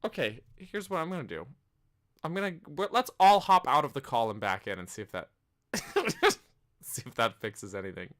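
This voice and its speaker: Rich: A male podcast host chatting casually on a live stream, his voice bright and ringing. His pitch swings widely as he laughs through the tech trouble and says sorry to the audience. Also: lively intonation, a little fast. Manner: laughs often, apologetic and flustered over tech trouble. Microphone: computer mic on a voice call.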